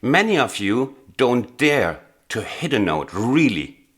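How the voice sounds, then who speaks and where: A man teaching a blues piano lesson, explaining earnestly and with emphasis, pausing with small hesitations. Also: mid-range voice, sing-song, fairly bright tone, slightly rough. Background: faint piano playing.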